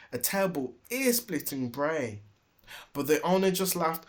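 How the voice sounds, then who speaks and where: A man reading a rhyming children's storybook aloud with an expressive, sing-song delivery. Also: on the high side, measured pace. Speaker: storybook reader.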